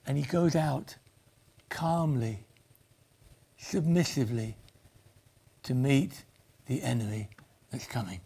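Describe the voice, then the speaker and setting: A man's voice: mid-range voice, slow pace, vocal fry, long pauses, warm tone, breathy edge. A man preaching a sermon in an earnest voice that swells and then sinks almost to a whisper. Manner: earnest, rises and falls, drops to near whispers.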